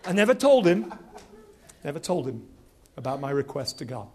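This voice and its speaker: Man, preacher, sermon, high voice, animated storytelling, earnest quiet exhortations. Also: background noise. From Nigeria. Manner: animated, rapid anecdote-telling, dropping to quiet earnest exhortation.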